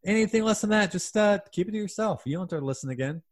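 Guy hosting a comedy podcast, a bit high voice, goofy and hammy. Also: animated, racing. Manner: playful, showy, hammy. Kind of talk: comedy podcast banter, doing mock accents.

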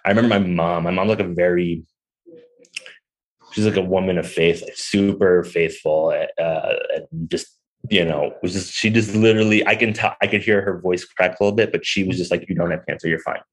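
Deep-voiced and steady in tone, this young man speaks at a normal speed over rough audio. As a podcast guest who owns a restaurant, he tells a personal story conversationally, candid and rambling, with lots of fillers.

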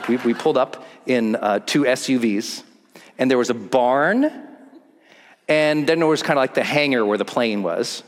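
A man's voice: on the high side, moderate pace, in a large hall. A man telling a personal story as a motivational speaker on stage, acting out the scenes. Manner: animated, acts out scenes and voices. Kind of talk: storytelling keynote talk.

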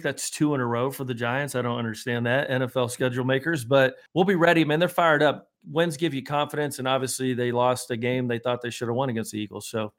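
A man's voice: fairly high pitch, fairly bright tone. A man who is a former player, talking on a sports podcast panel in an enthusiastic, emphatic way.

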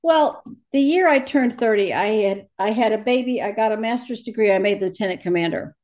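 A woman telling stories as a guest in an interview, animated and quoting others as she goes. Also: mid-range voice, brisk. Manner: animated storyteller, quotes others in lively voices. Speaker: guest, medium who crosses over the dead. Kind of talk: storytelling in a conversational interview.

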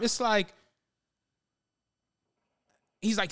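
High-voiced animated man retelling a story. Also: a little slow, gravelly, pauses often. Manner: animated retelling, acting out quotes, profane slang. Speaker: podcast host. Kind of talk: casual storytelling chat.

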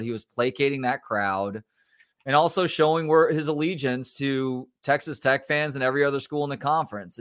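A man's voice: mid-range voice, fairly bright tone, dry recording, studio quality. A man hosting a sports podcast, making earnest, reasoned points in casual chat. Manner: earnest, reasoned, laughs easily. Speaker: podcast host.

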